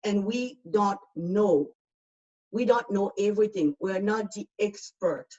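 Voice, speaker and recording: A woman's voice: mid-range voice, slow, a little mellow, far from the mic, highs cut off. A woman with a foreign accent gives outspoken, emphatic personal testimony as a speaker in a panel discussion over a video call.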